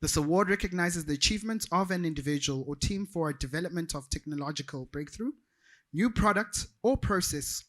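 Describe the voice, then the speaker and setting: A South African man hosts a live awards ceremony, announcing categories and finalists. His voice sits a little high, and he slips in chatty, joking asides between the announcements. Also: a bit bright.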